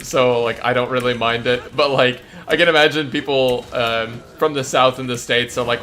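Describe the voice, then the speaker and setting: Male streamer, casual rambling gaming chat, crisp bright tone, candid opinions. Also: mid-range voice, moderate pace, few pauses.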